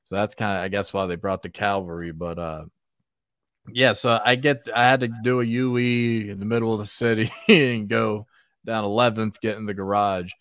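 Man, podcast host, casual chat, lively storytelling, frequent laughs, low voice, dry close sound. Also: moderate pace, smooth, dry recording. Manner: animated storyteller, laughs often.

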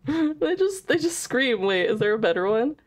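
A woman's voice: fairly high pitch, very animated, moderate pace. Giggly, foul-mouthed woman streamer. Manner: giggly, chatty, swears casually. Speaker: game streamer. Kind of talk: casual live-stream chat.

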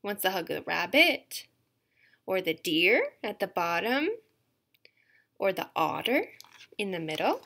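A woman, a museum educator, reading a picture book aloud to young English learners, animated and repetitive, sometimes dropping to a soft whisper. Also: medium pitch, unhurried, creaky, long pauses.

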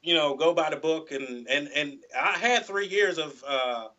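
A man's voice: on the high side, unhurried, bright, forceful tone, dull audio. A man, a guest guitarist, chatting casually in an interview, rambling and full of "you know"s and restarts.

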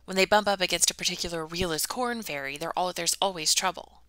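A woman voicing a brisk, brusque older woman who speaks in a matter-of-fact way. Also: on the low side, pushed and bright, no echo.

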